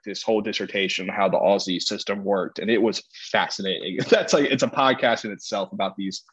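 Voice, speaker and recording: A man's voice: fairly low pitch, husky, no room sound, dull audio. A man co-hosting a casual sports podcast, rambling and restarting often, laughing easily. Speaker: podcast co-host, former player.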